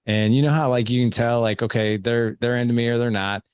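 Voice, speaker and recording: A man hosting a podcast, telling a funny story with lively acted-out dialogue in a casual chat. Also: mid-range voice, brisk, smooth, dry recording, studio quality. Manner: animated storyteller who acts out quoted dialogue. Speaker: podcast host.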